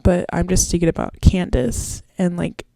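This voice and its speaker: A woman's voice: lowish voice, normal speed, creaky, mellow, no echo. A woman in her twenties hosting a podcast solo, rambling in casual slang and swearing freely. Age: 20s. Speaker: podcast host.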